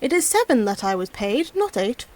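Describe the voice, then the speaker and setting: A stubborn, hot-tempered old peasant scolds and grumbles, voiced by a woman reading a storybook. The voice sits somewhat high and swings up and down with lively pitch. His indignant scolding carries the lines. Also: normal speed.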